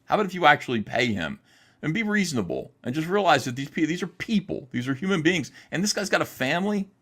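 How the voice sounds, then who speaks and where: A man's voice: on the high side, big pitch swings, fast, fairly bright tone, husky. A man hosting a livestream, talking in a heated, profane, emphatic way while ranting and reading chat. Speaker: livestream host.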